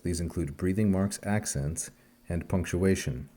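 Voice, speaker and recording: A man teaching a recorded language lesson, explaining sounds and syllables one by one in a measured, careful way. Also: deep voice, warm tone. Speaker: Greek teacher.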